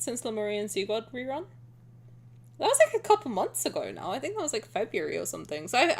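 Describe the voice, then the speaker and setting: A woman streamer chatting casually and excitably with her viewers, rambling and swearing now and then. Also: mid-range voice. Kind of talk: casual live-stream chat.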